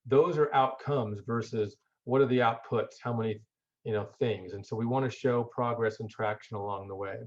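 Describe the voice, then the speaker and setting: A man's voice: medium pitch, steady tone, moderate pace, darkish tone. A man giving a conversational lecture, informal, often restarting words and asking rhetorical questions. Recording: dull lo-fi audio.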